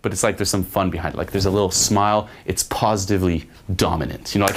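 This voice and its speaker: Young guy coaching on dating, lowish voice, loose and casual, swears a lot, keeps saying okay. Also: fairly even intonation, fast, hardly any pauses. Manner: casual, swears, says "okay?" and "you know" often. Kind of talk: spoken lesson with acted examples.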